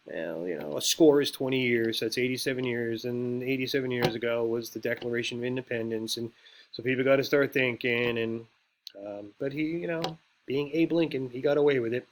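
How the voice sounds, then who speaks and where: A man's voice: medium pitch, brisk, background noise. A man giving a casual lecture on speechwriting, rambling and conversational, with lots of filler words. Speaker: teacher.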